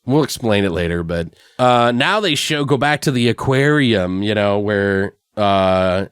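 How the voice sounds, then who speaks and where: A man co-hosting a casual movie review podcast, retelling scenes with quick exaggerated voices and swearing freely. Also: lowish voice, lively intonation, clear, resonant tone, dry recording, clean studio sound. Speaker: podcast co-host.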